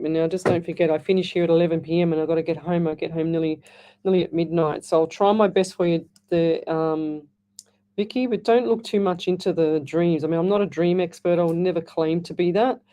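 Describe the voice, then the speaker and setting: A woman's voice: on the low side, dark tone. A middle-aged woman hosting live radio psychic readings, chatting in a rambling way with frequent restarts. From Australia. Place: radio studio.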